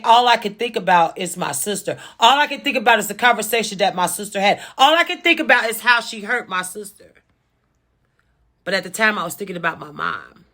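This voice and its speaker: A woman's voice: mid-range voice, pushed and bright. A woman telling a personal storytime, angry and emotional, who swears and repeats herself for emphasis. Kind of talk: casual storytime.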